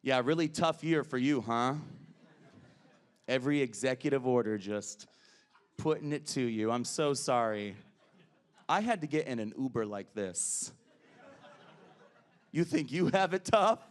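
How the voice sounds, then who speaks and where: A man's voice: medium pitch, animated, a little slow, pauses often. A man performing drag stand-up comedy on a club stage, crude and brash in his crowd work.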